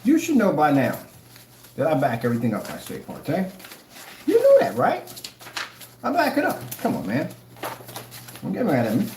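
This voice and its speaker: Man, mocking rant to camera, very animated pitch, roomy sound with faint hiss. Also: normal speed, long pauses. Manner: mocking, taunting, dramatic swings in tone. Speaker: online product seller. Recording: echoey room, faint noise.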